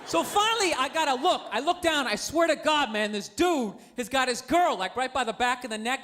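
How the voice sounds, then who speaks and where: A male stand-up comedian ranting in an animated way, breaking into shouts, on a noisy stand-up recording. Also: very high voice, fairly quick, few pauses.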